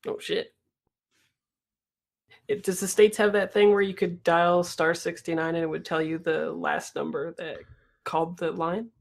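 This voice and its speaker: A player in a tabletop role-play, talking in a flat, offhand way. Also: medium pitch, unhurried, vocal fry, long pauses.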